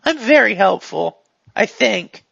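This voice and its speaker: A woman's voice: medium pitch, expressive, slow, gravelly, fairly bright tone, breathy edge, dry recording, full character voice. A woman voicing a dazed, overfriendly male gang member whose mind keeps glitching. He talks eagerly and forgets himself mid-thought. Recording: dull lo-fi recording.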